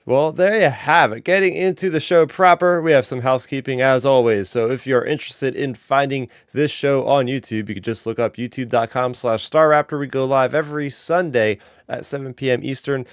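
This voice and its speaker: Smooth-voiced enthusiastic male podcast host. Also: medium pitch, steady tone, a little fast, hardly any pauses, dry recording, studio quality. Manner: enthusiastic, talks through housekeeping. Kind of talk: casual podcast chat.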